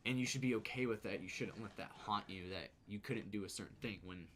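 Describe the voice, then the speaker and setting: A man's voice: lowish voice, fairly quick, a bit bright, a little hiss or hum. A man co-hosting a podcast in casual chat, earnest and laughing easily, with casual swearing. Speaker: podcast co-host.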